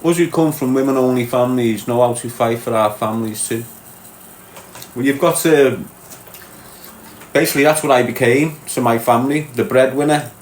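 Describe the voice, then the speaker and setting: Faint background noise and room echo surround a Liverpool-born streamer with a Scouse accent as he answers viewers' comments in casual chat. His medium-pitched voice moves at a moderate pace with long pauses, blunt and streetwise, addressing people as mate and lad.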